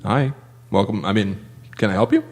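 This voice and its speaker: A man's voice: on the low side, moderate pace. A man co-hosting a comedy podcast, joking around and playing along with the bits. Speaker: podcast co-host. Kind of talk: goofy comedy podcast banter.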